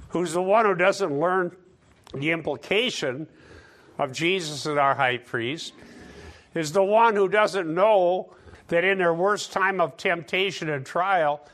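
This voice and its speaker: A man's voice: high voice, slow, fairly bright tone. Man preaching a conversational sermon. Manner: conversational teaching with sarcastic asides and rising emphasis.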